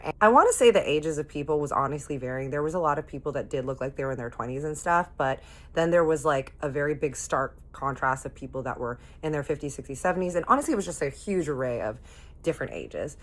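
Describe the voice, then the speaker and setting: A woman telling a personal story to her viewers in a casual, chatty way, acting out what people said. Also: low-pitched. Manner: chatty, animated retelling with quoted voices. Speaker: storytime vlogger.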